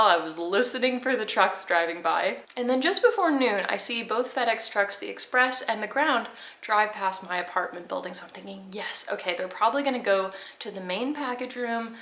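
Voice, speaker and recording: Young woman vlogger, rambling and chatty, gravelly edge, recorded in an echoey room. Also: mid-range voice, a bit bright. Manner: chatty, rambling, laughs often. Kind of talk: casual storytelling to camera.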